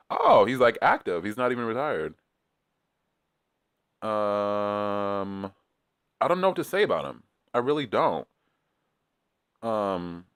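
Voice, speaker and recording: A man's voice: lowish voice, fairly bright tone, no room sound, studio quality. A man chatting casually in a rambling, profane way, with many fillers, as he recaps a reality show. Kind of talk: casual chat.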